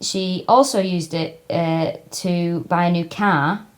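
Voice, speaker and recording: A woman's voice: on the low side, fairly even intonation, slow pace. A woman in her thirties co-hosting a comedy podcast, reading out facts and chatting casually in a wry, self-mocking way. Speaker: podcast co-host.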